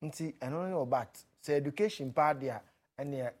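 A man's voice: on the high side, normal speed. A man with a Ghanaian accent giving a teasing critique as a judge. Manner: animated, teasing.

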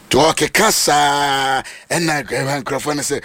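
A Ghanaian man preaching a sermon, mixing Twi and English and swinging from low speech to high shouts. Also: extremely slow, pauses often, no room sound.

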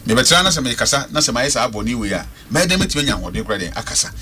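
A man's voice: medium pitch, big pitch swings, rapid-fire, sharp tone, husky. A man with a Ghanaian accent calling in to a radio talk show, speaking with passion and repeating words for stress. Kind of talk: passionate radio call-in commentary.

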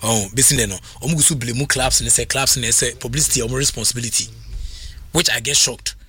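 Excitable radio sports host, bright voice. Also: male voice, mid-range voice, fast talker. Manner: animated, excitable, mixes languages, frequent laughter.

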